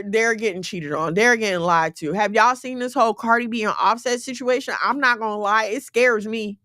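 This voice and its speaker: A woman with a somewhat high voice speaks straight to her viewers in a casual livestream. She gives blunt relationship advice and keeps checking in with her listeners. The sound is dry and close, with no room echo. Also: a bit bright. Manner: emphatic, repeatedly checking in with listeners.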